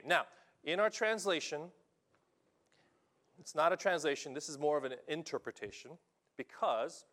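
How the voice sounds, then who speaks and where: Male pastor, emphatic preacher, slightly high voice, keeps asking the congregation "okay?". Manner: animated, emphatic, checks in with listeners. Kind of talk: sermon. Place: church in Japan.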